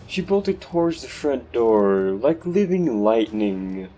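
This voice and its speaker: Slow dark-voiced man narrating horror. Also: mid-range voice, big pitch swings. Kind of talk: dark horror story reading.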